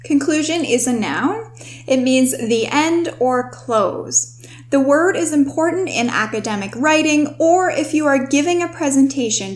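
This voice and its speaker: A young woman with a fairly high voice hosts a scripted vocabulary lesson. She explains each word clearly and instructively, and she slows down to stress the key terms. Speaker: host and writing tutor.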